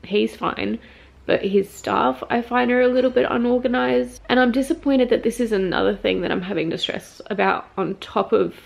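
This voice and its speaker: A woman's voice: fairly high pitch, normal speed, creaky. A young woman vlogging, upset and frustrated, venting about her week with a teary voice after crying. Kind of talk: casual personal vlog.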